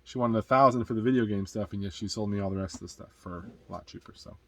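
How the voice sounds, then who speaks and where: A man's voice: on the low side, fast. A man who is a dad co-hosting a reselling vlog, telling rambling stories of how he bought things at sales. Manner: rambling storyteller, acts out quotes. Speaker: co-host and reseller. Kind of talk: casual chat telling buying stories.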